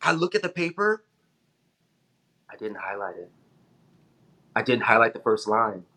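A man, an actor, chatting in an interview and telling animated anecdotes, acting out the voices of people in them and laughing often. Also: on the low side, unhurried. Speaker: actor guest. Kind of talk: casual interview storytelling.

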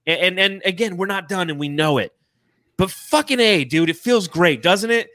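Excited bright-voiced young man hosting. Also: high voice, moderate pace, dry recording. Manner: excited, swearing, reads donations aloud. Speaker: podcast host. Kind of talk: casual livestream chat.

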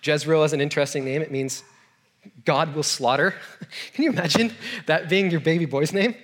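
Speaking on the high side at a normal pace, this man has a somewhat bright voice. He's a youth pastor preaching in a chatty, story-driven style, throwing in jokes at his own expense and questions for the audience.

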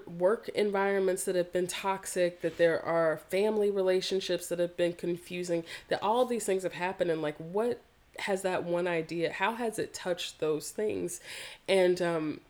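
A woman's voice: on the low side, fairly even intonation, measured pace, darkish tone. A woman from the American South, telling a personal story in an interview, earnest and reflective, with casual swearing. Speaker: yoga practitioner guest.

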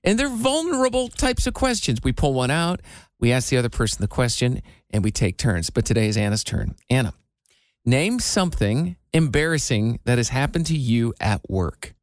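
A man's voice: mid-range voice, very animated, normal speed, dry recording. A man co-hosting a radio show, joking and teasing his co-host in casual banter. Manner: playful, teasing.

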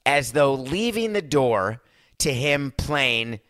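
A man with a bright, forceful voice hosts a podcast in loose, casual chat. He rambles sarcastically and calls his listeners folks. His voice sits dry and close on a studio mic. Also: mid-range voice, big pitch swings, slow, no echo. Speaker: podcast host. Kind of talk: casual chat and movie review.

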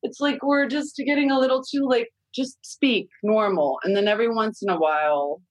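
A woman's voice: on the high side, normal speed, no room sound, rough recording. A woman in her forties, a podcast guest, chatting candidly about raising young kids and swearing freely. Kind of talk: casual podcast chat.

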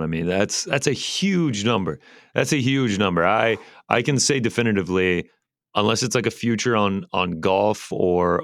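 A deep-voiced man with a gravelly edge co-hosts a betting podcast. He sounds close and dry, and he talks wryly, echoing phrases back as he chats. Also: fairly bright tone. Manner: wry, repetitive, quick to agree. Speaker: podcast co-host. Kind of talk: casual betting chat.

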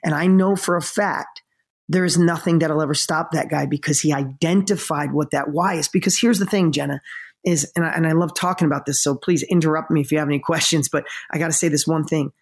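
A man speaking as a motivational guest in a conversation, telling stories with energy and emphasis and slowing down for the emotional moments. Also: a little high, fairly even intonation, husky. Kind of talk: storytelling in a conversation.

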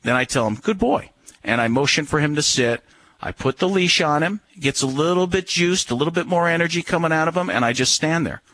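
A man's voice: a little high, fast talker, a bit bright, no room sound. A man giving firm, instructive dog-handling advice in a casual radio chat.

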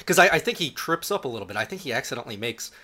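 A man's voice: mid-range voice, sing-song, very fast, bright, forceful tone. A man joining a podcast film chat, speaking wryly with small hesitations. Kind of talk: casual film discussion.

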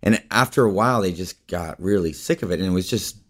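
Man, interview guest, rambling casual anecdotes, lots of fillers, fairly low voice. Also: fast. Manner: rambling, full of "like" and "you know". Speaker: guest, actor and filmmaker.

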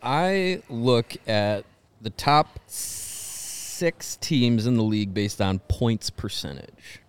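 A man's voice: mid-range voice, takes it slowly, smooth. A man co-hosting a casual sports podcast, making dry, wry remarks. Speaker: podcast co-host.

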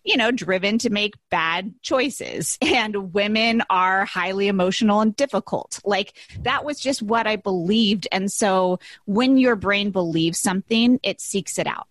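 A woman's voice: mid-range voice, dry recording. Woman, 30s, podcast guest, effusive, chatty, dry recording. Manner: effusive, many likes and restarts. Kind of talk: casual interview chat.

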